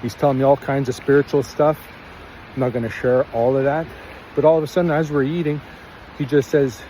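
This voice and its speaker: Casting: Canadian man, mellow low-key tone, rambling first-person storyteller, faint street traffic behind. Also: fairly even intonation, fairly quick, poor audio. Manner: rambling, earnest, acts out quotes.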